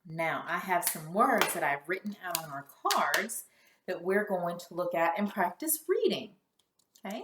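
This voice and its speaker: A woman teaching a kindergarten phonics lesson, sounding out letters slowly and cheering the children on. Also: medium pitch, reverberant, noisy background. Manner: slow, exaggerated sound-by-sound modeling with lively praise.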